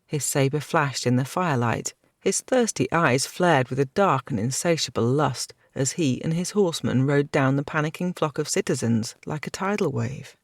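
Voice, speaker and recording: Male audiobook narrator, gravelly, even delivery. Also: mid-range voice, dry recording, clean studio sound. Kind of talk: scripted fantasy narration.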